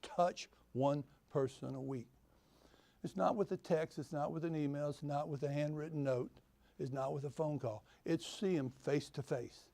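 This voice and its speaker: A man's voice: fairly high pitch, moderate pace, gravelly, warm tone, dry recording. A man giving a folksy real estate talk to an audience, telling stories with homespun humor and repeating his key phrases. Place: conference venue.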